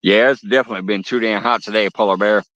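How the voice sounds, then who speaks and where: A man's voice: on the low side, fairly even intonation, quick pace, fairly bright tone, no echo. A man hosting a fishing livestream outdoors at a lake, chatting casually with viewers and telling stories with lots of swearing and laughter. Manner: profane, laughing storyteller. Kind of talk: casual live chat with viewers. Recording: dull lo-fi audio.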